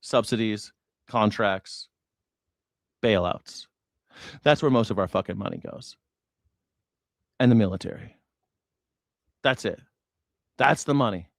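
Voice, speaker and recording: Here the host's pitch sits fairly low, and his creaky delivery is slow, broken by long pauses. He swears and snipes sarcastically at his chat on a news reaction stream, offering heated political commentary in a dry, clean studio recording.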